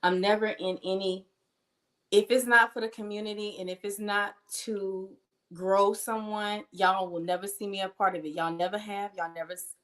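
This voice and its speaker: A middle-aged woman, hosting a casual livestream and warmly greeting viewers by name. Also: fairly low pitch. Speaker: livestream host.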